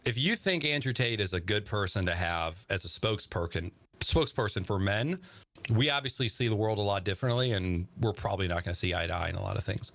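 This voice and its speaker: A man's voice: fairly low pitch, expressive, fast talker, gravelly, a bit bright, no echo. A man co-hosting a casual podcast, talking bluntly and swearing freely as he makes his points. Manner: blunt, swears freely, talks in earnest stretches. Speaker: podcast co-host.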